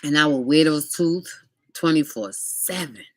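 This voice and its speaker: A woman's voice: low-pitched, animated, a little slow. A middle-aged woman vlogger telling a casual story, chatty and speaking straight to her viewers, sometimes eating as she talks.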